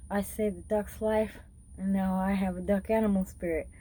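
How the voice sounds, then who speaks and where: A woman's voice: mid-range voice, steady tone, normal speed, mellow, low-quality recording. A woman vlogger casually recounting a dream, rambling and swearing freely. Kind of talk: casual storytelling.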